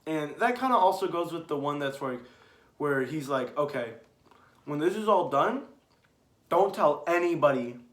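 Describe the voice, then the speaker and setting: A man's voice: fairly high pitch, normal speed. A young man chatting casually about his favorite anime moments, rambling and restarting. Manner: rambling, restarts, grows excited and loud. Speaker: anime commentator. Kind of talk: casual ranking chat. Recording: echoey room.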